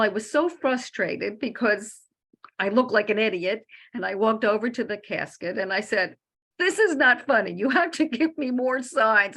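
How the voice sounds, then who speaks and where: A middle-aged woman telling a personal story in a casual, animated way, acting out the dialogue. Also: mid-range voice. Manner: animated, chatty, acts out quoted dialogue. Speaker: host.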